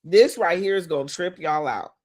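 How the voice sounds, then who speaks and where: A woman business coach talking casually in a motivational live stream, speaking straight to her viewers and reading out their comments, with loud emphatic bursts between quieter asides. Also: on the low side, normal speed. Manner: animated, talks straight to viewers, reads out comments.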